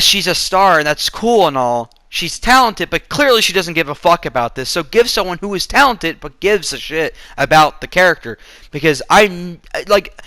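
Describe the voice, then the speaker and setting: Forceful, profane male movie ranter. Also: sits high, no echo. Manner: profane, sarcastic ranting. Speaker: movie reviewer. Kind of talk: casual movie review rant.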